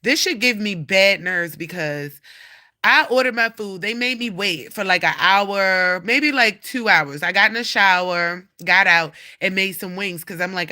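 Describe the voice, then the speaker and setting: A woman's voice: mid-range voice, unhurried, bright, forceful tone. A woman chatting casually on a livestream, rambling, swearing freely and scolding her cat. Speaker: livestream host.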